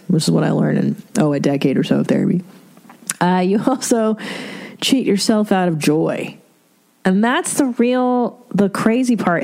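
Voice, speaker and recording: A woman's voice: fairly low pitch, gravelly, darkish tone. Candid, profane woman podcast host. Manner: candid and profane, with laughs and rhetorical asides. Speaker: podcast host giving advice. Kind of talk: casual advice podcast monologue.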